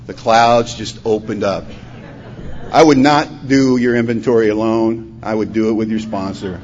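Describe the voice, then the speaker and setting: A man telling his recovery story at a conference, acting out the dialogue, his voice rising loud and dropping to a hush. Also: on the low side, fairly even intonation, normal speed. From Washington state, USA. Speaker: recovery meeting speaker. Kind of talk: personal testimony talk. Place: conference hall. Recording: dull lo-fi conference recording, faint hum.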